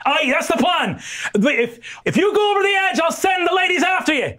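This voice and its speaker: A man voicing a bold young female ship captain who shouts orders during a storm. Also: extremely high pitch, very animated, fairly quick, pitched above the performer's own voice, exaggerated voice. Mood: urgent. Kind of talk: tabletop game character voice.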